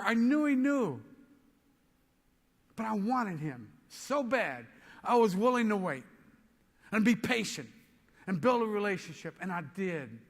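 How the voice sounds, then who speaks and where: An older man giving a motivational speech to a live audience, telling a story with energy and acting out both sides of the conversations. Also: high voice. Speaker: motivational speaker. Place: large hall before an audience. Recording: long hall reverb with faint music.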